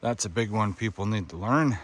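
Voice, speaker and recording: On a park trail, a man narrates his hiking vlog, talking to viewers in a relaxed, chatty way as he walks. He has a husky, lowish voice and speaks briskly.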